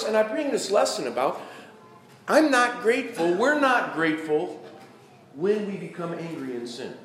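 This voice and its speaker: Reading scripture and dramatizing quoted pleas with growing intensity, a preacher in his fifties delivers his sermon in a high-pitched voice. There's slight background noise, and the room sounds echoey with faint ambience.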